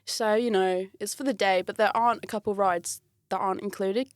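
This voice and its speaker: A woman telling a long anecdote in a relaxed chat. She laughs often and jumps into the voices of the people she quotes. Her voice sits at a middling pitch, and the room sound is dry and close. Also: brisk, no echo. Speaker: guest telling a work story. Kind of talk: casual storytelling.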